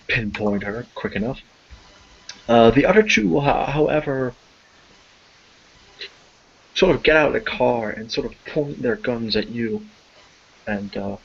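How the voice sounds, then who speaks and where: Gravelly man running a tabletop game. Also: on the low side. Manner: rambling, hesitant with many fillers. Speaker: game master. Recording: dull lo-fi audio.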